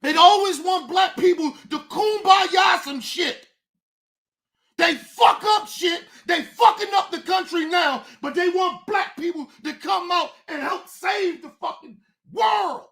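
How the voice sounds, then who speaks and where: This is a woman hosting a livestream rant, her voice high and bright. She speaks angrily, swears constantly, and often rises to a shout. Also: slow, creaky. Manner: angry, profane, often shouting. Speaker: streamer, show host.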